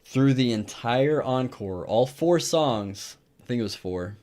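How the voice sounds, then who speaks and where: A man's voice: mid-range voice, animated, slow, darkish tone. A man co-hosting a podcast, telling a story in casual chat and swearing freely. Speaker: podcast co-host.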